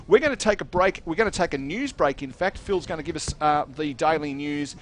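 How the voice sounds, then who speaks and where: A male radio commentator calling a football match with a slightly raised pitch. He is chatty and jokey, rattling off play and scores and throwing in greetings to listeners. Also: lively intonation, a little fast, a little hiss or hum.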